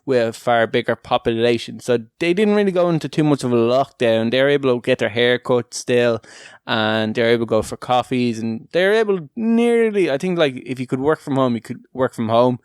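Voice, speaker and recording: Chatty Irish man with a smooth, dry voice. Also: medium pitch, brisk, no room sound. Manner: chatty, laughs often, many "like" fillers. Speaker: podcast host. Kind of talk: casual podcast chat.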